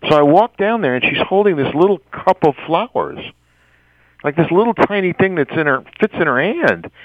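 Animated male storyteller, muffled dry sound. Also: on the high side, normal speed, no echo. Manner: acts out quoted voices, stammers and laughs often. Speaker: interview guest. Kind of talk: animated anecdote telling.

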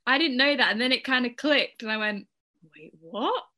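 A woman's voice: on the high side, quick pace, bright, forceful tone. A woman who is a guest on a film podcast, chatting casually and giggling often.

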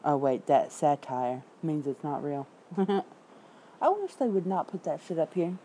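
A woman's voice: low voice, animated, mellow, a little hiss or hum, poor audio. A woman from Memphis with a Southern accent, chatting casually and bluntly with viewers while she reads out headlines and comments, swearing freely. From Memphis, Tennessee. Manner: blunt, profane, reads comments and headlines aloud with quick asides. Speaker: independent writer streaming to viewers. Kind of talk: casual livestream chat.

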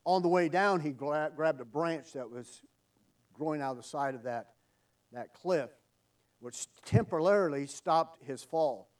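Higher-voiced man preaching an earnest sermon. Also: unhurried, far from the mic. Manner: earnest, emphatic preaching with repetition. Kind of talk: evening sermon.

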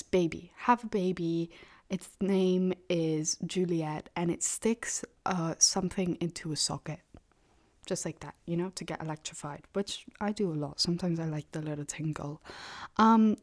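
A young woman with a lowish voice talks through her solo podcast in a loose, rambling way. She is blunt and sarcastic, and she often slips into a half-whisper. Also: darkish tone. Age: young adult. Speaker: podcast host. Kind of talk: casual solo podcast monologue.

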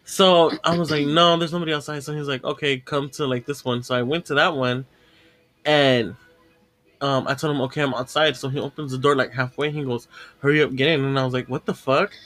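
A man's voice: mid-range voice, steady tone, brisk, fairly bright tone. Profane, laughing podcast host, a man. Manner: profane, laughing, acts out dialogue in the story. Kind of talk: casual storytelling chat.

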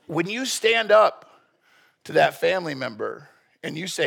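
Male pastor, blunt and joking sermon delivery, husky gravelly voice, fairly high. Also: big pitch swings, a little fast, a bit bright. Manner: blunt, joking, earnest preaching.

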